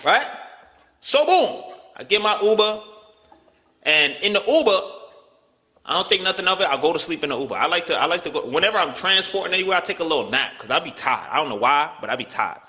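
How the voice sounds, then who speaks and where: A man tells a rambling personal story in loose slang, acting out what people said with sudden jumps in his voice. His voice sits high and sounds bright and sharp. It carries a long reverb tail, as if recorded in a big hall. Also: fast. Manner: animated, slangy, swings pitch widely, acts out quotes. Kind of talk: casual storytelling rant.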